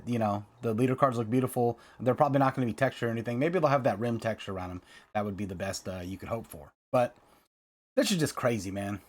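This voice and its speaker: A man's voice: mid-range voice, a little mellow. A man hosting a card-game video, talking casually and ranting heatedly, with lots of fillers and repeated phrases.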